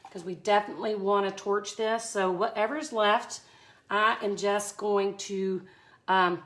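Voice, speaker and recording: A woman's voice: medium pitch, fairly bright tone. A woman from Mississippi with a Southern accent, chatty and effusive, giving a live art tutorial. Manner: chatty, effusive, exclaims often. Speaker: resin art instructor.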